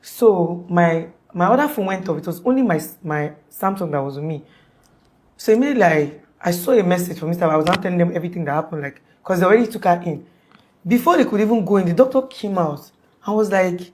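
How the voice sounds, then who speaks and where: Speaking quickly in a lowish, darkish voice with lively intonation, a young woman recounts an emergency as an interview guest. Her casual storytelling wanders, full of restarts and frequent "like"s.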